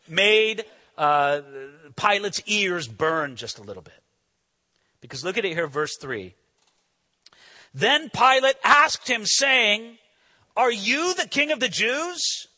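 High, animated male preacher with hall echo. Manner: animated and emphatic, asks the listeners questions. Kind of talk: expository sermon. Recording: long hall reverb.

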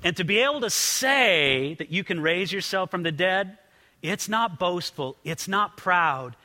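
A man preaches in a church sanctuary, his voice pitched high and bright. He talks earnestly and often trips over his first words. The sound carries a long hall reverb. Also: expressive, a little slow. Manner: earnest, repeats words when starting sentences. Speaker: pastor. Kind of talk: sermon.

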